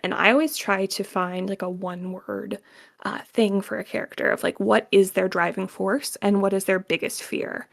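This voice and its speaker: Laughing, gravelly-voiced woman voice actor. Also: mid-range voice, fairly even intonation, moderate pace. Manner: chatty, laughs often, many "like" fillers. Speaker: guest voice actor. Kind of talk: casual interview chat.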